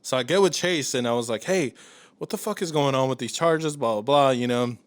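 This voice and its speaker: A man on a podcast telling a story in casual chat, animated and swearing, acting out his phone calls. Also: medium pitch, brisk, no echo. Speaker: podcast co-host.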